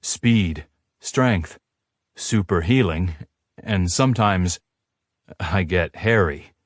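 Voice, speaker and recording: A man's voice: deep voice, takes it slowly, dry recording, clean studio sound. A man playing a remorseful werewolf lover. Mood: confessing. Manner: soft, soothing, apologetic.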